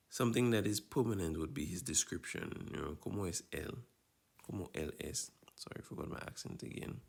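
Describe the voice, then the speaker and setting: Man, Spanish teacher, very low voice, gravelly, patient explanations. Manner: explains patiently, checks in with "all right?". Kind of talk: recorded lesson walkthrough.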